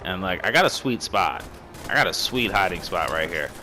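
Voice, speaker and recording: A young man giving casual, rambling commentary over a game recording, excitable and swearing freely. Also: sits low, normal speed, slight background noise. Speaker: gaming commentator.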